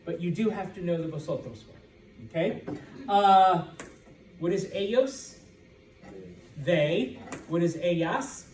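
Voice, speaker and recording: A man's voice: high voice, expressive, slow pace, long pauses, a little mellow, a little hiss or hum. An American man teaching a Spanish class, speaking informally with jokes and asking the students "okay?" again and again. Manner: informal, joking, checks understanding with constant "okay?". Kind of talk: classroom lecture with student call-and-response. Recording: echoey classroom, voice from a distance.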